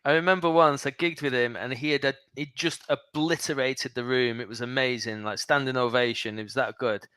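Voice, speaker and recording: A man's voice: medium pitch, steady tone, fairly quick, sharp tone, smooth, no echo. A male comedian, a guest on the show, telling anecdotes in casual chat and acting out the lines he quotes. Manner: laughs easily, acts out quoted lines.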